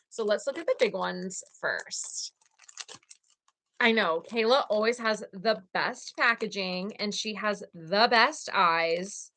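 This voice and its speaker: Bright, gushing woman streaming live. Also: medium pitch. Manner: gushing, excitable, chatty with viewers. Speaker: livestream host. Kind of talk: casual live-stream chat.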